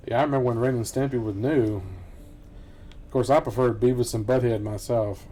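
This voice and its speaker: A man's voice: medium pitch, a little slow, mellow, slight background noise. A middle-aged man chatting casually and ramblingly over gameplay, often chuckling to himself. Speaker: gameplay commentator. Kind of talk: casual let's-play commentary.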